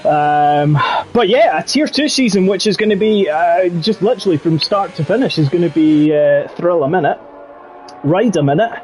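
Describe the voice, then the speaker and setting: A man's voice: high voice, animated, moderate pace, darkish tone, slight background noise. A man commentating live on an online racing league, jokey and rambling, full of fillers and nicknames. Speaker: lead commentator. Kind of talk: live esports race commentary.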